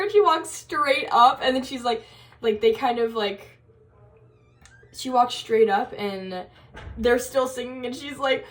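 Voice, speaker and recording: A woman's voice: a little high, moderate pace. A young woman telling a story in a casual college vlog, chatty and giggly, full of fillers and quoted asides. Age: young adult. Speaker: college vlogger.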